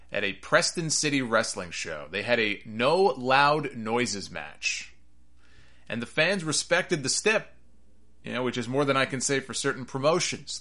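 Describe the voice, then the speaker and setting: Bright-voiced man in sarcastic wrestling chat. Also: mid-range voice. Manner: opinionated, sarcastic, rambling. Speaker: wrestling podcast host. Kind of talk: casual commentary.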